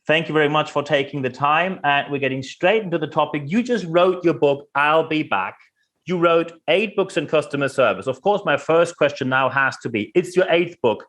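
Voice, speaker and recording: A man hosting an interview, introducing his guest and asking questions in a formal, measured way. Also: on the high side, a bit bright. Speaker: interview host.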